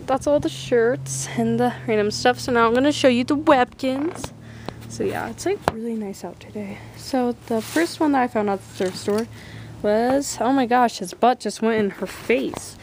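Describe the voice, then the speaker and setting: A teenage girl chatting excitedly in a casual haul video, full of "like" and "oh my gosh". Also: fairly high pitch, normal speed, a little hiss or hum. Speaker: vlogger showing a thrift haul.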